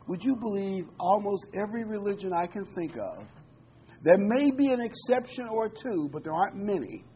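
A man's voice: high voice, animated, normal speed, muffled recording, slight background noise. A man preaching a sermon in an earnest teaching manner, quoting and explaining scripture with frequent "um"s.

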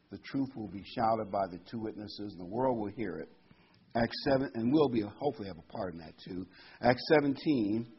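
With a mid-range, slightly breathy voice, this pastor delivers a conversational sermon to a small congregation. He reads scripture aloud and poses rhetorical questions. The recording is lo-fi and dull.

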